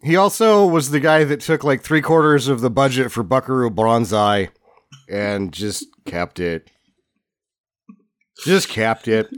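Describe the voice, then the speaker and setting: A man's voice: medium pitch, measured pace, smooth. A man co-hosting a comedy movie podcast, telling digressive stories in casual chat. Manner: storytelling, digressive, animated. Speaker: podcast co-host.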